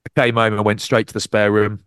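In clean, echo-free studio sound, a rugby commentator co-hosting a podcast talks fairly quickly. He's an animated storyteller in casual conversation, performing quotes with large leaps in pitch.

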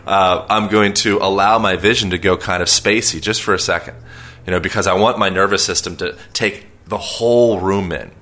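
Deep-voiced rambling man explaining. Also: steady tone, moderate pace, pushed and bright. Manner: rambling, filler-heavy, self-aware long-winded talk. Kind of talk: casual conversational explanation.

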